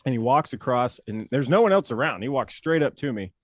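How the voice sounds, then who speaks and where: A man being interviewed as a guest, telling stories in a playful, animated way with frequent laughs. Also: mid-range voice, fairly quick, no room sound, studio quality. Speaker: guest, former pitcher and broadcaster. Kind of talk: casual interview storytelling.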